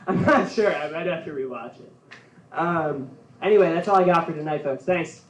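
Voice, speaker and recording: A man's voice: a little high, normal speed, heavy background noise. A man doing a stand-up set at a comedy venue, rambling and laughing at his own jokes. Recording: roomy, from far off.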